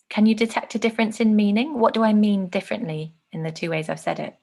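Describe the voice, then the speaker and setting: A woman teaching an online lesson on speech delivery, clearly demonstrating phrases with changing intonation. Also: mid-range voice, a little fast, few pauses.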